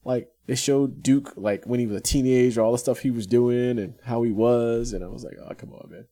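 A middle-aged man co-hosting a casual chat, animated and laughing often. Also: mid-range voice, moderate pace. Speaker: podcast co-host.

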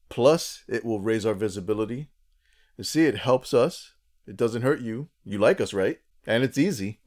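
A man's voice: mid-range voice, a little mellow. A man co-hosting a casual podcast, chatty and jokey, often restarting his sentences. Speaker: podcast co-host.

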